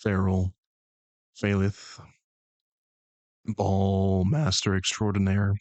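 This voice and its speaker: Man, streamer host, low pitch, playful banter, dry close sound. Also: flat delivery, extremely slow, darkish tone, no room sound. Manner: playful, bantering with chat, thanking viewers. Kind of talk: casual live-stream chat.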